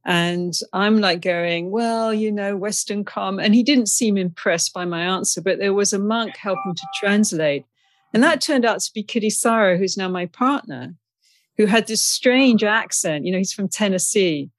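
A woman telling stories from her life in a relaxed conversation, chatty and anecdotal and quick to laugh. Her voice sits at a middle pitch and comes across close and dry, with no room sound. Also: no echo. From England. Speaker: interview guest. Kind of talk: storytelling in a conversation.

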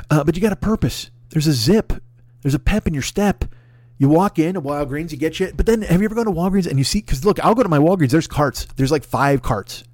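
A man telling a rambling comic story, profane and animated, acting out other people's voices. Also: a little high, no echo, clean studio sound. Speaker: comedy podcast host.

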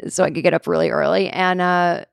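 A woman's voice: on the low side, steady tone, brisk, creaky, clear, resonant tone, no echo, clean studio sound. A woman comedian hosting a podcast, telling a story in a casual, digressive way, full of "like" and "you know", from a hotel room.

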